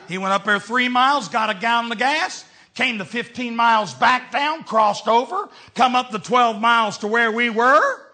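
A middle-aged man, preaching a storytelling sermon as a traveling evangelist, swinging between shouts and hushed tones. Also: very high-pitched, lively intonation, moderate pace, few pauses.

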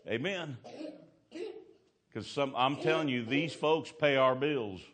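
A man preaching a sermon in a folksy, colloquial way. He swings from loud, climbing exclamations to hushed storytelling. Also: mid-range voice, takes it slowly, a little hiss or hum.

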